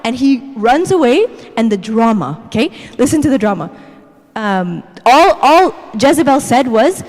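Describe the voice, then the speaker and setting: Woman, high voice, animated chatty church talk, keeps saying okay, long echo of a church hall. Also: normal speed. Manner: animated, chatty, tags "okay?" after every point. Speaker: guest speaker. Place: church sanctuary.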